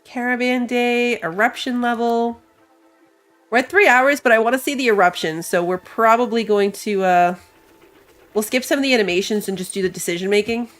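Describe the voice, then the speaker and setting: A woman's voice: fairly high pitch, normal speed. Stuffy-nosed woman playing a game. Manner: thinks aloud, reads game text, laughs at herself. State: stuffy from allergies. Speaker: gamer. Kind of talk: casual let's-play commentary. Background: game music.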